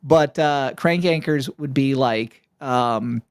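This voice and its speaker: Male podcast host, casual and profane, middle-pitched, rambling anecdotes. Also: takes it slowly, clear, resonant tone. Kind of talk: casual interview chat.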